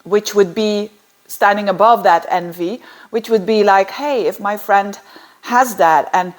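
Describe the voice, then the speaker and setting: A woman's voice: mid-range voice, unhurried. Chatty woman explaining astrology. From Belgium. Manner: chatty, digressive, with many fillers and restarts.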